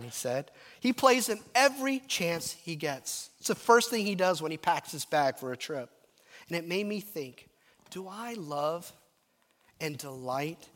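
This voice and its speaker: A man preaching a sermon, telling stories and dropping to a murmur at times. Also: high voice. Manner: animated, storytelling, drops to a murmur at times. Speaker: pastor. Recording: reverberant hall.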